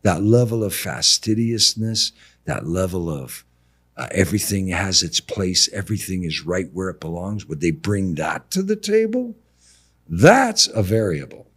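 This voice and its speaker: On a casual storytelling podcast, a middle-aged contractor speaks in a low, slightly rough voice at a measured pace. He animatedly voices both people in his conversations and peppers in "bro," "dude," and other slangy asides.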